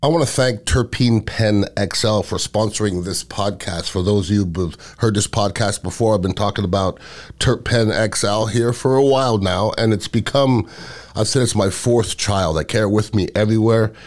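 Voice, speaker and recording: A man hosting a podcast, talking casually and bluntly in an animated storytelling way. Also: on the low side, moderate pace. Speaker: podcast host. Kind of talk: casual monologue.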